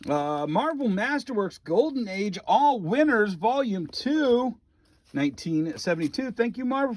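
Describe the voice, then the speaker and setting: A man's voice: high-pitched, pushed and bright. A man running a comic shop, casually walking through his merchandise and reading off prices with offhand jokes and asides. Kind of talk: casual store walkthrough video.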